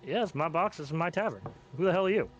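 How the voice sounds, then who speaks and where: A man's voice: on the low side, very fast, fairly bright tone, dull audio, slight background noise, pitched below the performer's own voice, lightly acted. A man voicing a squat, fat, grumpy male goblin tavern owner who talks in a hostile, blustering way. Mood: angry.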